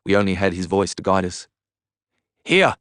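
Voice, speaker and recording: A man reading a first-person novel aloud in earnest, measured storytelling. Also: sits low, monotone, no echo, studio quality. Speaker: reader. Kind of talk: audiobook narration.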